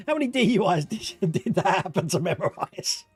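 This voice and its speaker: A man from Australia with an accent mixing Australian and British, hosting a livestream quiz, playful and giggly as he reads out answer options slowly. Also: sits high, lively intonation. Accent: Australian mixed with British. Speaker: quiz host.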